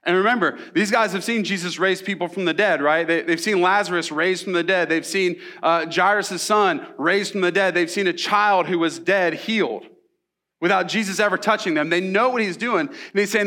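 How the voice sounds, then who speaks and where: A man preaching a sermon in a church, animated and conversational, with casual asides to the congregation. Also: high-pitched, normal speed. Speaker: pastor.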